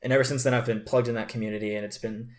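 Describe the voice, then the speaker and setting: A young man talks quickly, at a medium pitch, as he recounts how he came to faith. His delivery is animated and he acts out the lines of the people in his story. It comes across as an easygoing podcast conversation. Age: young adult. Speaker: podcast co-host. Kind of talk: casual testimony chat.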